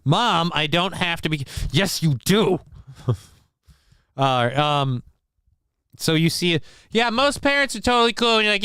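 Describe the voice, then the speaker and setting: A man's voice: high voice, lively intonation, unhurried, pauses often, bright, forceful tone, clean tone, no echo, studio quality. A man hosting a casual comedy commentary, joking crudely and rambling as he reacts to clips. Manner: crude joking, mock voices, loose rambling. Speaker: host reacting to news clips.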